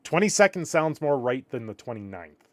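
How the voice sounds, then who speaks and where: A slightly tired man chats casually on a live stream and rambles as he reacts to his viewers' messages. His voice is mid-pitched and the recording is dry and close. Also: very animated, normal speed, no echo. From Canada. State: a little tired.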